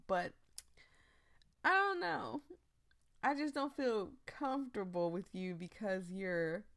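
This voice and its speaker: A woman gaming streamer giving playful, giggly commentary over a let's play. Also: on the low side.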